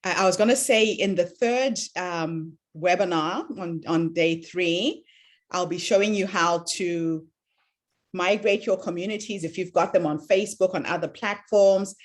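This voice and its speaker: A woman's voice: on the low side, a little slow. A woman hosting a video call who leads a workshop and gives brief, encouraging replies. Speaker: host and workshop leader. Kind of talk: casual video call chat.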